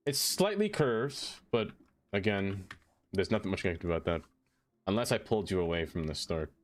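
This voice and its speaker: A man's voice: sits low, lively intonation, moderate pace, a little hiss or hum. A man streaming a city-building game, chatting casually with viewers in a playful, teasing way. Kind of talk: casual live-stream chat.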